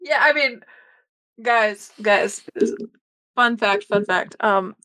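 A woman's voice: mid-range voice, slow pace. A young woman hosting a podcast, chatting casually and telling stories in a rambling way with many fillers. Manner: rambling, many fillers and restarts, animated storytelling. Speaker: podcast host. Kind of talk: casual chat.

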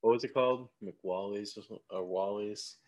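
A man's voice: on the low side, a little fast, darkish tone. A man co-hosting a podcast, chatting casually about a film and laughing along. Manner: laid-back, laughs along, swears casually. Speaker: podcast co-host. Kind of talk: casual movie review chat.

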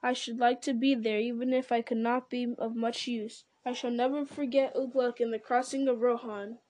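A woman's voice: a little high, level tone, moderate pace, dark tone, natural voice. A woman voicing an eager, curious young male hobbit in a storybook reading, asking earnest questions.

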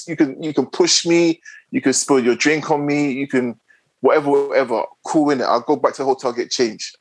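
A man's voice: medium pitch, husky, no echo. A young man chatting on a podcast, emphatic and repeating himself to drive a point home. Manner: emphatic and lively, repeating words to make a point. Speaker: podcast co-host. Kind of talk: casual chat.

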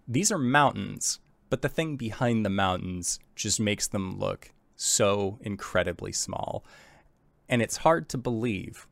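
Gravelly slow-talking game master, a man. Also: lowish voice, no echo. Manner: relaxed descriptive narration with many fillers. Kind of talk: narrating a tabletop game.

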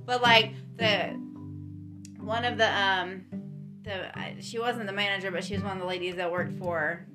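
A chatty woman at an average pitch walks through a movie's story in a loose, rambling way and often stops on an um. Soft guitar music plays under her voice. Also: steady tone, normal speed. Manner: rambling, chatty, with frequent ums. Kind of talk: casual movie recap.

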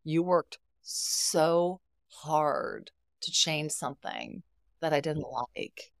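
This podcast conversation features a middle-aged therapist as the guest, recounting stories with expression and performing quoted lines. She speaks very slowly in a low, creaky voice, captured with studio clarity and no echo.

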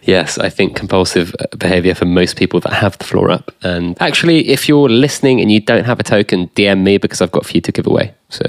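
A man hosting a casual podcast, relaxed and jokey, drawing out his phrases. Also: low-pitched, fast talker, hardly any pauses, dry recording. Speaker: podcast host.

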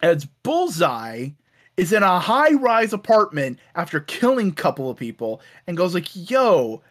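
Animated man recapping comics in casual chat. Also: sits high. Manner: animated, acts out characters in quick bits, swears casually. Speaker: podcast co-host recapping comics.

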